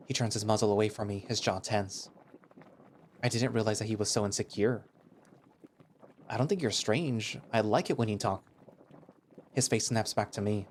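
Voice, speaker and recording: A man's voice: fairly low pitch, fairly even intonation, brisk, darkish tone, slight background noise. A man reading a visual novel aloud in first person, with conversational, hesitant, flustered dialogue. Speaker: narrator.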